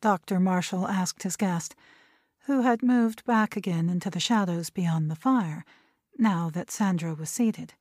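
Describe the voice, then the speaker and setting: A woman reading a novel aloud as an audiobook narrator, with measured storytelling. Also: fairly low pitch, a little mellow, dry recording, studio quality. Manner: measured storytelling, voicing characters' dialogue.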